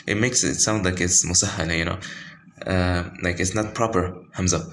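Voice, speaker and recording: Very low-voiced man teaching tajweed. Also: fairly even intonation, fairly bright tone, slight background noise. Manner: halting, many fillers and self-corrections. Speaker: Quran recitation teacher. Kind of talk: informal tajweed lesson with screen pointing.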